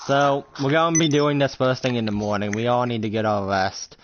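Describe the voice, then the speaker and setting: Rambling man narrator for an improvised role-play, mid pitch, dull lo-fi sound. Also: fairly even intonation, a little fast, a little hiss or hum. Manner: rambling, many fillers. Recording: dull lo-fi recording.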